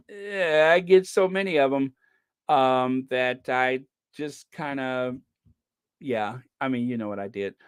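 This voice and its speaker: Slow, chatty livestream host from the US. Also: medium pitch, smooth, no room sound, studio quality. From United States. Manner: chatty, giggles at own jokes. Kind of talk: casual livestream chat.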